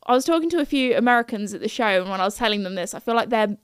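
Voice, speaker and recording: A woman's voice: a little high, animated, rapid-fire, clear, resonant tone, no echo, studio quality. A young British woman hosting a podcast, chatting casually and rambling with lots of self-corrections and giggles. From United Kingdom. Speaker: podcast host. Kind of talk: casual solo chat.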